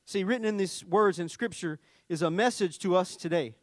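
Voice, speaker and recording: A man delivers a sermon in a relaxed, explanatory way, breaking down the meaning of words with everyday examples. His voice sits high for a man. The recording is dry and close, with no room sound. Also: normal speed, dry recording. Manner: conversational teaching, frequent "see," and restarts. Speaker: preacher.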